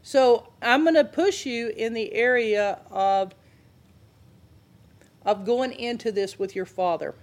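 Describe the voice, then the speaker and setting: A woman's voice: fairly high pitch, takes it slowly, pauses often. A woman leads a casual Bible class in a conversational voice. She keeps turning to her listeners with questions as she teaches. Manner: conversational, asks the audience questions.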